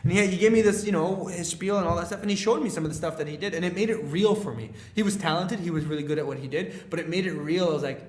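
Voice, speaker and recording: A young man from Canada, a guest on a podcast, tells stories in a lively, chatty way and acts out the voices of the people in them. His voice sits a little high for a man. The recording has a noticeable roomy echo. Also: fast talker, few pauses. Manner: animated storyteller, acts out quoted dialogue with many fillers. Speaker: guest, leadership speaker. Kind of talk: casual podcast storytelling.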